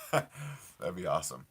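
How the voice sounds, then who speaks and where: A man's voice: sits low, sing-song, slow, fairly bright tone, husky. A young man live streaming from his parked car at night, chatting casually with viewers in an enthusiastic, rambling way full of fillers and repeats. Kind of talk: casual live stream chat reading comments.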